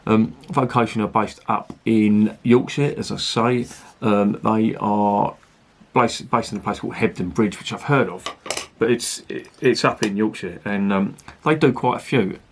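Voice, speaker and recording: A man's voice: fairly low pitch, unhurried, a little hiss or hum. A man reviewing beer in a rambling, chatty and sweary way. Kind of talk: casual review chat.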